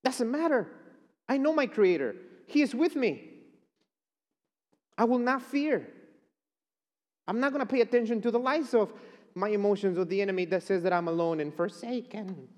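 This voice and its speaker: A man's voice: high voice, lively intonation, normal speed, long pauses, darkish tone, big-room sound. A man preaching a chapel sermon, emphatic and declaring. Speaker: chapel speaker.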